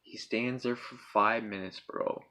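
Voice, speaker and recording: A young man casually tells a personal story, rambling and swearing a lot while checking in with listeners through "right?" and "bro." His voice is fairly low, steady and sharp-toned, and he speaks a little slowly.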